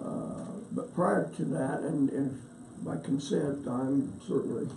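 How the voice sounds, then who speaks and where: A man with a gravelly, dark voice chairs a county board meeting, pausing and hunting for words. He sits away from the mic in an echoey meeting room, with faint hiss underneath. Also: mid-range voice, far from the mic. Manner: halting, searching for words.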